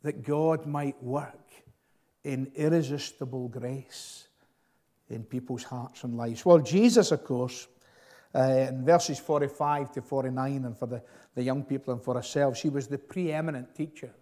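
A man preaching a sermon in an earnest, emphatic way, often pausing with fillers and repeating words as he builds a point. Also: medium pitch, mellow. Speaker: pastor.

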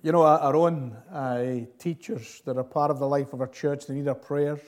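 A man delivers a sermon in a slightly high voice. He preaches earnestly and emphatically, rising and falling in force, often stalling on fillers and repeated words as he presses his point. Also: steady tone, normal speed, a little mellow. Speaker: pastor.

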